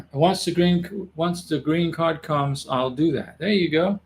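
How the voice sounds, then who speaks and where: Taking his time, a man with a fairly high voice hosts an immigration advice livestream. The talk is casual and comforting, marked by frequent repeated or restarted phrases.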